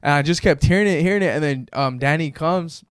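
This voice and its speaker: A young man with a fairly high voice tells a story in an animated way, swearing freely. The sound is dry and close, with no room echo. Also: a little fast, clean tone. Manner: animated storytelling full of profanity. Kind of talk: casual chat.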